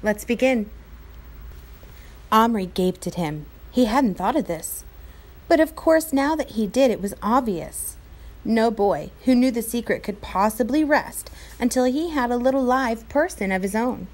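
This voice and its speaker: A woman teacher reading a novel aloud to her class, clear and expressive. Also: fairly high pitch, a little slow.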